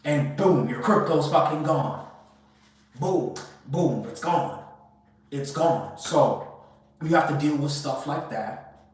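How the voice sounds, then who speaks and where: In this clip his voice runs on the high side, animated but slow with long pauses, caught by a distant mic in an echoey room with a little hiss or hum. The crypto commentator rants casually and emphatically, cursing often, repeating himself and rambling on.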